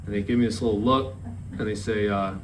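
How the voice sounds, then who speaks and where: A man in his thirties from Maryland, USA, gives a memorial speech for his grandfather at a memorial service, telling a story and acting out the quoted dialogue. His voice is fairly low and steady, he speaks fast, and the rough recording carries a little hiss or hum.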